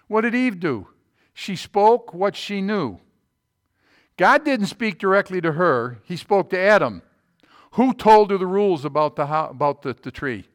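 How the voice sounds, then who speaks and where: In a chatty, down-home sermon, a male pastor repeatedly puts rhetorical questions to the room, shifting between loud stresses and quiet low remarks. His delivery is very animated at a measured pace.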